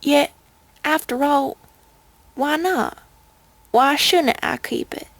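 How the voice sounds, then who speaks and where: A woman voicing a possessive old female pony with a high, quavery old voice. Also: slow, a bit bright, no room sound, exaggerated voice. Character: old female pony, fond of her ring, turning possessive.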